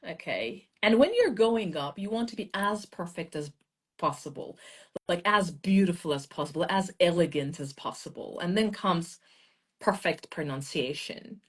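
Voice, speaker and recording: A woman's voice: medium pitch, slightly rough. A woman from Iran, a language teacher, explaining her views as a guest in a casual interview over a video call. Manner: explanatory, expressive.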